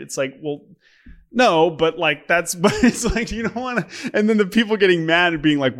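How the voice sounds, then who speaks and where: A young man co-hosting a podcast, telling stories in a casual, animated way and laughing often. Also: a little high, a little fast. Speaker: podcast co-host. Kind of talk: casual chat.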